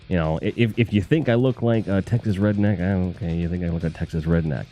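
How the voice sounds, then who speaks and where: A man's voice: on the low side, quick pace, few pauses, warm tone, soft background music. A man from the Northeast US, hosting a casual live stream, reading chat comments in a rambling, profane, jokey way.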